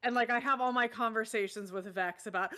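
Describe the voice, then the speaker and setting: A woman streamer in casual chat, excitable and full of swearing, shrieking when exasperated. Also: a little high, fast talker.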